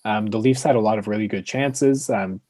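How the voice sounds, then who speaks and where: A man's voice: fairly low pitch, fairly quick, darkish tone, dry recording. A man co-hosting a casual hockey podcast, rambling with lots of fillers and restarts. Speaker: podcast co-host.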